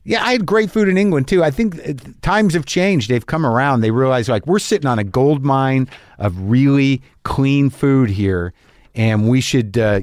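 A man's voice: medium pitch, darkish tone, no room sound, studio quality. A man musing in a rambling casual monologue, often restarting his sentences and swearing now and then. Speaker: comedian.

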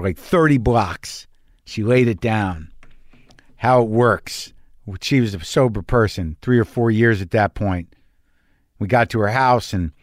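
A middle-aged man telling a confessional story in a blunt, profane, self-mocking way. His voice sits at a middle pitch. The recording is close and dry. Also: dry recording. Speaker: comedian.

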